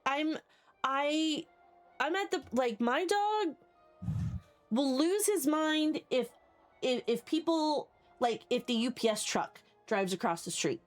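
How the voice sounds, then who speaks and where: A woman streaming live who chats casually with her viewers, rambling, swearing freely and laughing often. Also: sits high. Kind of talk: casual chat. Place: home basement.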